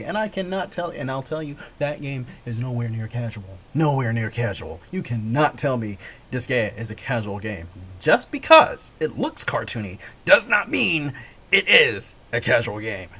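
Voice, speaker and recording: A man's voice: mid-range voice, fairly bright tone. A man talking casually in a gaming vlog, rambling, correcting himself and laughing often. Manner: rambling, chuckling, self-correcting. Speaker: gaming vlogger. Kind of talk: casual monologue.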